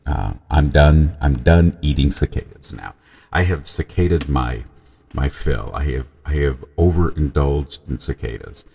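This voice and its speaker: A man voicing an overfed raven that is too full to eat any more, spoken slowly and lazily. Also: rumbling low, expressive, gravelly, warm tone, slightly rough, big-room sound, exaggerated voice. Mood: weary, sated. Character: overstuffed raven, weary and done eating. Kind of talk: podcast aside, mimicking an animal.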